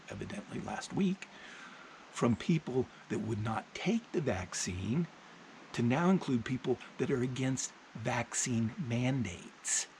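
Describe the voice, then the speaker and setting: Gravelly man talking plainly. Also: medium pitch, a little hiss or hum, poor audio. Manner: plainspoken, unhurried storytelling. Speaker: vlogger. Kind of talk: casual spoken monologue.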